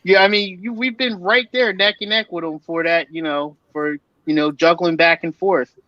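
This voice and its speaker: A man's voice: high-pitched, fairly even intonation, normal speed, no room sound. A man co-hosting a podcast, rambling in casual chat with lots of fillers. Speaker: podcast co-host. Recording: dull, dry sound.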